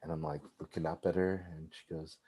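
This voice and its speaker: A man being interviewed as a filmmaker, telling a personal story in an animated way with frequent "like"s and restarts. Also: extremely low pitch, fairly quick, vocal fry, slightly rough. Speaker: filmmaker guest.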